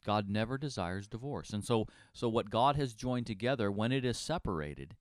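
A man co-hosting a Bible study talk, explaining scripture with frequent restarts. His voice is very low. It is recorded dry and close to the mic. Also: animated, normal speed, no room sound. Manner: explanatory, repeats words while thinking. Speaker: pastor co-host.

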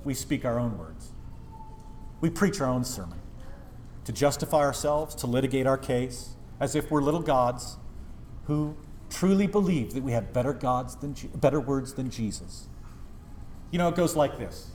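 A man's voice: medium pitch, expressive, normal speed, pauses often, darkish tone, slight background noise. A man preaching an impassioned sermon as pastor, with sudden swells in volume.

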